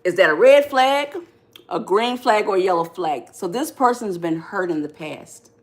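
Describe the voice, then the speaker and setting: Woman, middle-aged, life-coach host, lively pitch, chatty and preachy as she reads the comments. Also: normal speed. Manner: animated, preacherly, reads viewer comments, laughs often. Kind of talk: live-stream relationship advice chat.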